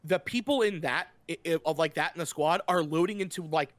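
A man's voice: a little high, brisk, a bit bright, no echo. A man narrating a tabletop game as game master, talking casually and describing scenes loosely with fillers and restarts.

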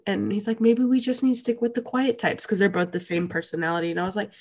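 A young woman co-hosting a podcast, recapping an anime episode in gushing, animated casual chat. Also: mid-range voice, fast, hardly any pauses. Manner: gushing, animated storytelling with laughs. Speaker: podcast co-host.

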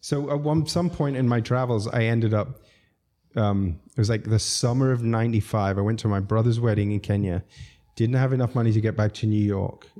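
Laughing, mellow-voiced male storyteller. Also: on the low side, a little fast. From Zambia. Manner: animated anecdotes, laughing often, acts out quotes. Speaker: restaurateur guest. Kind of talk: casual storytelling chat.

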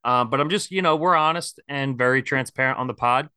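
A male podcast host chatting casually and candidly, with a bright, forceful tone. His voice is smooth and clear, recorded dry and close on a podcast mic. He rambles a little, leaning on fillers. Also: mid-range voice, brisk, no room sound. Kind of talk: casual sports podcast chat.

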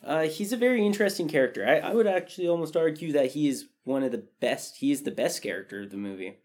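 A man's voice: fairly high pitch, animated, quick pace, darkish tone. A man co-hosting a podcast, explaining his views at length in casual chat, thoughtful with frequent restarts. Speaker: podcast co-host.

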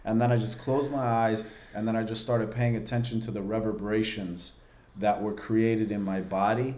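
A man's voice: lowish voice, fairly even intonation, normal speed, darkish tone. A man in his forties, a podcast guest, telling a personal story candidly and vividly with lots of "like" fillers. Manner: vivid, earnest, many "like" fillers. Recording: roomy, echoey room.

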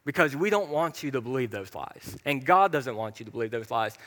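In a church hall with long reverb, a young man preaches in a mid-range, animated, slightly bright voice, talking a little fast. As a pastor he's chatty and pokes fun at himself, then erupts into sudden emphasis.

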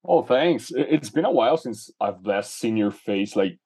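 A man's voice: medium pitch, expressive, moderate pace, darkish tone, breathy edge. A man, a toy artist guest, talking casually and thoughtfully with frequent restarts. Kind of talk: casual chat.

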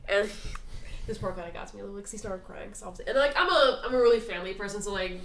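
A woman's voice: mid-range voice, very fast, creaky, slight background noise, rough recording. Casual swearing woman podcaster. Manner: casual, swears a lot, fillers like "like". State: tearful. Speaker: podcast host. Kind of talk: casual true crime chat.

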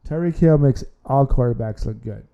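A man's voice: medium pitch, normal speed, gravelly, mellow, lo-fi sound. A man hosting an amateur sports podcast, talking casually and rambling, often repeating words and restarting his sentences. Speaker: podcast host.

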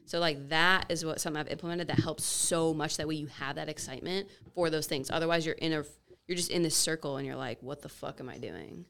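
A woman's voice: deep voice, steady tone, fast talker, a bit bright, smooth. A young woman, a fitness creator, giving earnest advice as a guest on a casual podcast.

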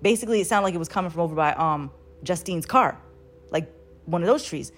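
A young woman tells a story to her viewers in a loose, chatty way. Her voice sits a little low, and she talks with lively, animated energy, swearing freely as she goes. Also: fast. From United States. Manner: animated, swearing, laughing through the telling. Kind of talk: casual storytelling.

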